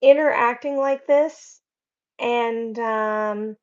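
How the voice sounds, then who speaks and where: Slow-talking woman chatting on a livestream. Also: a little high, highs cut off. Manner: chatty, rambling, warm toward viewers. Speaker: livestream host. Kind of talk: casual livestream chat reading comments. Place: home.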